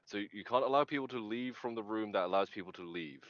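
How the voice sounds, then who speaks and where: A man's voice: on the low side, fast talker, fairly bright tone, no room sound. A man playing a tabletop game, reasoning aloud and questioning the game master over dull, lo-fi call audio. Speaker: player. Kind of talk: tabletop role-play chat.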